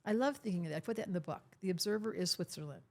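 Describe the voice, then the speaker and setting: A woman's voice: fairly low pitch, racing, gravelly, darkish tone. An older woman, an astrologer, talking emphatically and teasingly in a podcast interview, often acting out the voices she quotes. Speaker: astrologer, guest.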